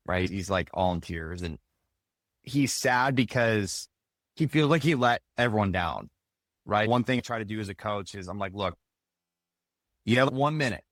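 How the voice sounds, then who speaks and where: A man with a lowish voice talks through an interview in a loose, chatty way. He keeps dropping in "like" and "right?" as he thinks aloud. The recording is close and dry, with no room sound. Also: fairly bright tone, no echo. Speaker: podcast guest, youth baseball coach. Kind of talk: casual conversational interview.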